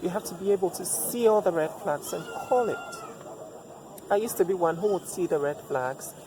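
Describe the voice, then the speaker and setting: A man with a high voice, speaking at normal speed, reflects on relationships in a personal monologue. He asks rhetorical questions and repeats points to drive them home, with constant noise in the background.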